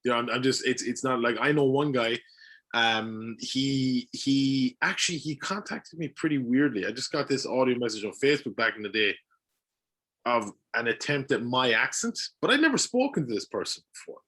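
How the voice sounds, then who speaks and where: Bright-toned animated Irish man. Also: mid-range voice, moderate pace. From Ireland. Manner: animated, swears freely, laughs often. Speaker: voice actor guest. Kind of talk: casual podcast chat.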